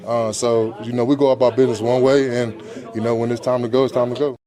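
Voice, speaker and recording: A man's voice: medium pitch, level tone, fast talker, dark tone. A male pro football player answering reporters in a laid-back, slangy way, with lots of "you know". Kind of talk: locker room media interview.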